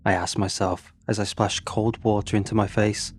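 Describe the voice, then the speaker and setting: A man's voice: fairly low pitch, flat delivery, moderate pace, a little hiss or hum. A man narrating a first-person horror story in an earnest, tense way.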